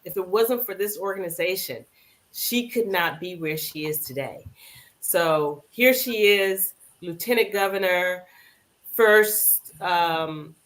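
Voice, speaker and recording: Woman guest talking on radio, earnest, pauses and ums, mid pitch. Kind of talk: casual radio talk.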